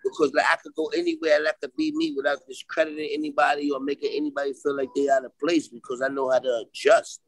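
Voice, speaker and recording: A man's voice: on the high side, little pitch movement, fast, hardly any pauses, no echo, low-quality recording. A man with a Brooklyn New York accent, a podcast guest on a video call, talking in a streetwise, emphatic way and keeping on asking if you follow him. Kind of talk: casual interview talk.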